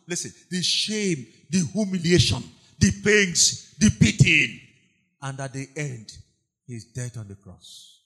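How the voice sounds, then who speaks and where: Impassioned preacher, wildly varied pitch. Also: male voice, slightly rough. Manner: emphatic, repetitive, swings between shouting and hushed tones. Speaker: pastor. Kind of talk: impassioned sermon.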